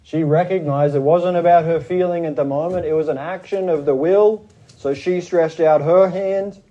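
A pastor with an Australian accent, delivering a sermon in a measured, deliberate way and stressing his points. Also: on the high side, steady tone, mellow, muffled recording.

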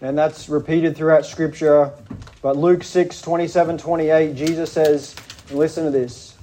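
A pastor with an Australian accent, delivering a sermon in a measured, deliberate way and stressing his points. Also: a little high, fairly even intonation, warm tone.

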